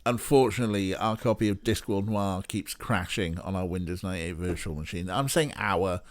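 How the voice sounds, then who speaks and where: A Welsh man streams a game with casual let's-play chatter, swearing now and then and laughing easily. His voice is low-pitched, a little fast, and has no echo.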